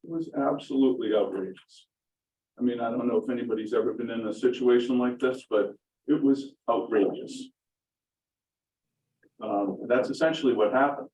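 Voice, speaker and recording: A middle-aged man gives public comment at a town board meeting, speaking emphatically and indignantly and repeating his points for stress. His mid-range voice moves at normal speed and is a little mellow. The roomy, distant meeting-room recording carries a slight hiss or hum.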